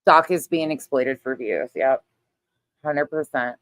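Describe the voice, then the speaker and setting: A woman's voice: a bass voice, measured pace, dry recording. A middle-aged woman hosting a casual livestream chat, talking loosely, laughing often and swearing freely. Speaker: livestream host.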